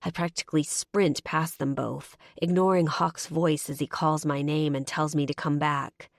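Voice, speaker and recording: Low gravelly female audiobook narrator. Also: steady tone, moderate pace, no room sound, studio quality. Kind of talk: first-person audiobook narration.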